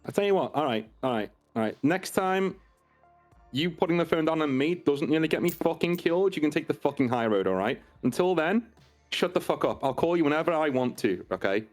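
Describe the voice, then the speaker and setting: A man's voice: a little high, animated, a little fast, soft background music. Brash, swearing male player. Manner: brash, swearing, in-character banter. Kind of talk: tabletop game play.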